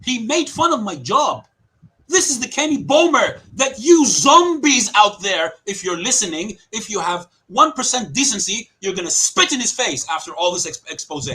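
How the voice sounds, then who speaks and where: Man, high voice, lively pitch, bright and husky, passionate, indignant. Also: moderate pace, rough recording. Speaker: complainant presenting evidence. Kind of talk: heated online debate. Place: lives in Greece.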